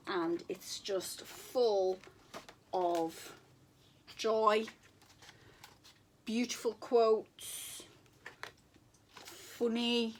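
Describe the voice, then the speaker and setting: A woman's voice: medium pitch, slight background noise. A woman giving casual book recommendations on her vlog, gushing and repeating words for emphasis. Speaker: book vlogger.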